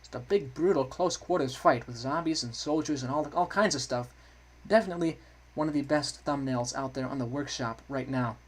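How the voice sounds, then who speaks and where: A man giving chatty, self-correcting commentary while playing through a game, quickly getting excited. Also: medium pitch. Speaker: gaming video creator. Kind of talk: let's play commentary.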